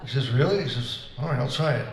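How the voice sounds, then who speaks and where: A man's voice: mid-range voice, fast, creaky, crowd noise. Easygoing man telling jokes, echoey hall. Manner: easygoing joke telling, plays the voices of his characters. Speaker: performer at a senior center concert. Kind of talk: telling jokes between songs. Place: senior center hall. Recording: echoey room, voice from far off.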